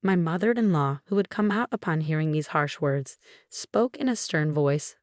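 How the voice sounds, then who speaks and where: A woman narrating a dramatic family story in a scripted, measured reading voice. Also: low-pitched, lively intonation, dry recording, clean studio sound.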